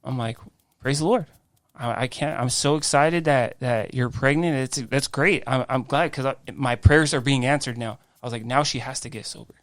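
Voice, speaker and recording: A man, a guest on a faith podcast, telling his life story in an animated way, acting out quoted dialogue. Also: mid-range voice, normal speed, dry recording, clean studio sound. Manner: frequent restarts and "I'm like" quoting.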